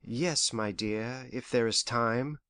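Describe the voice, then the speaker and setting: An actor playing a gentle, anxious elderly father who frets and complains softly in an audiobook. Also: mid-range voice, slow, no room sound. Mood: fretful. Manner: worried, lingering, softly complaining. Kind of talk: audiobook character voice.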